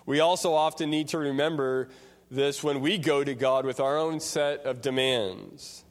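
A man preaching a sermon, explaining a scripture passage slowly and deliberately. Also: fairly high pitch. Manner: slow, deliberate expository preaching. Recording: long reverb of a large hall.

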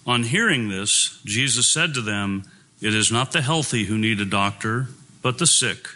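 A man's voice: fairly low pitch, animated, moderate pace, bright, forceful tone. A man preaching a sermon, reading scripture aloud and speaking in an earnest, emphatic way.

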